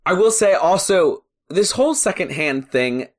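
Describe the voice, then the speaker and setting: A podcast co-host chatting casually, with animated, joking and incredulous storytelling. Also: mid-range voice, a little slow. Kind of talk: casual chat.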